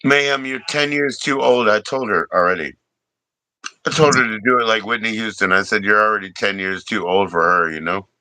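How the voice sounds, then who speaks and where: A man's voice: fairly low pitch, fairly quick, pushed and bright, no room sound. A man hosting a livestream in casual chat, joking, teasing and swearing freely. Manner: joking, profane, teasing banter. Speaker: livestream host.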